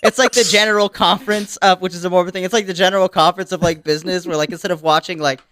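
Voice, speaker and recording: A man with a high voice, chatting casually on a podcast in a very dry, close sound. He rambles through profane comic stories and laughs as he goes. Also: steady tone, very fast, fairly bright tone, smooth, no echo. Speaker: podcast co-host. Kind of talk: casual comedic chat.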